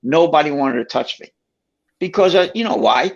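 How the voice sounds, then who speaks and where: A man's voice: a little high, normal speed, creaky. A man telling a personal story in a casual way, acting out the voices of the people in it. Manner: animated, acts out quoted voices. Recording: dull lo-fi sound.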